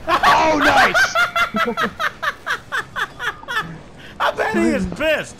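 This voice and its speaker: A man hosting a gaming channel, chatting casually with friends while playing, excitable and prone to shouting and laughing. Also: very high voice, very slow, very noisy.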